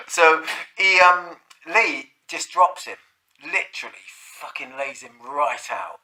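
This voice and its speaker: Man, very bright tense voice, rambling and sweary, casual storytelling. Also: mid-range voice, expressive, moderate pace. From South London. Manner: rambling, sweary, full of restarts and "like, you know".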